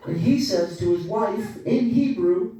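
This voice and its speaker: A man's voice: high-pitched, animated, unhurried, dark tone. A man doing a stand-up comedy set with sarcastic, profane storytelling, recorded live in a comedy club. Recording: echoey club room, crowd noise, from far off. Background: audience laughter.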